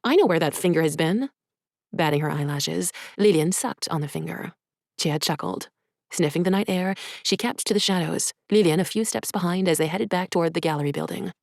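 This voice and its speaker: A woman, an author, reading her own short story in soft, measured, hushed narration. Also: on the low side, vocal fry, no echo, studio quality.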